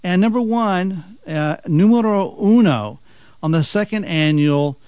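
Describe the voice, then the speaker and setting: A man's voice: sits high, expressive, a little slow, a little mellow, dry recording. A man hosting a talk radio countdown, chuckling and joking with mocking asides. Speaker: radio talk show host.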